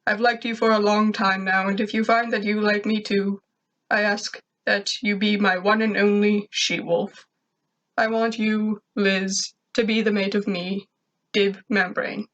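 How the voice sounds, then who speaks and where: A woman voicing Dib, an earnest lovesick young man reading out his own love letter in a sincere, tender, mid-pitched voice. He sounds like a storybook character baring his heart, steady and plain. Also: unhurried, lo-fi sound, natural voice.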